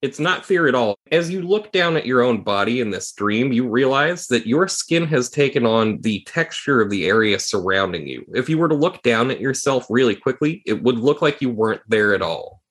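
A man narrating a tabletop game as game master, describing scenes calmly. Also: medium pitch, moderate pace, few pauses.

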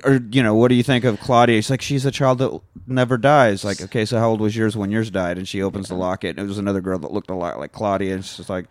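A man's voice: on the low side, steady tone, fast, few pauses, dry recording. Irreverent man recapping a movie casually. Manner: irreverent, profane, joking. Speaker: podcast co-host.

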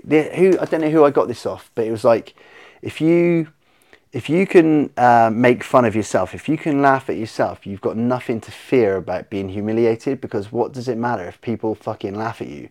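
In a mid-range voice at a moderate pace, a man on a podcast as a guest tells animated stories in casual conversation. He swears freely and acts out how he reacted.

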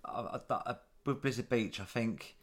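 A man's voice: medium pitch, moderate pace. A man co-hosting a podcast in casual chat, hesitant, repeating words and often apologising. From United Kingdom. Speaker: podcast co-host.

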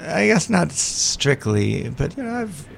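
A man's voice: a little high, very animated, unhurried, creaky, a bit bright. A man guesting on a podcast, chatting casually in a campy, theatrical way, calling people honey and darling. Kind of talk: casual interview chat.

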